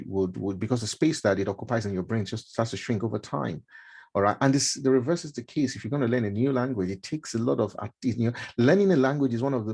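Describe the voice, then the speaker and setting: Chatty middle-aged man, deepish voice. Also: a little mellow, husky. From Nigeria. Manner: chatty, with many fillers and repeated words. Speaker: mentorship speaker. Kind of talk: casual talk to a live stream audience.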